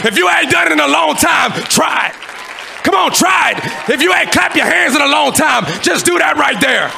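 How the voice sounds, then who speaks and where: High-pitched shouting male preacher. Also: expressive, moderate pace, vocal fry, crowd noise. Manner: shouting, exhorting preacher with fiery, rhythmic delivery. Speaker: pastor. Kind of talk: sermon. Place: church sanctuary. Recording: live church service with congregation noise.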